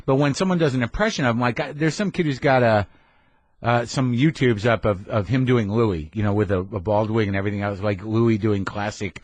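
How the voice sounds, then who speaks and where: A man's voice: on the low side, brisk, no echo. A man hosting a podcast in casual interview chat, reflective and swearing offhandedly, recorded in a garage studio. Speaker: podcast host.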